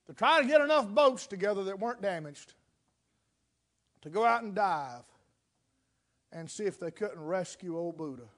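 High-voiced preacher telling a dramatic story. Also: male voice, lively intonation, normal speed, long pauses. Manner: dramatic storytelling, swings between loud and hushed. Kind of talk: sermon.

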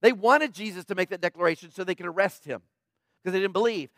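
A high-pitched man delivers a sermon in a conversational, emphatic way, punctuating his points with quick tag questions. His voice sounds close and dry, with almost no room around it. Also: fairly bright tone, dry recording. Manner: emphatic, tags points with "right?"; plainspoken, preachy asides. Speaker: pastor.

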